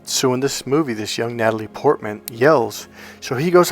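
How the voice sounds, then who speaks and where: A dating coach tells a personal story in a medium-pitched male voice, with faint music underneath. He rambles in a conversational way, circling back and restarting his sentences. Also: expressive, moderate pace.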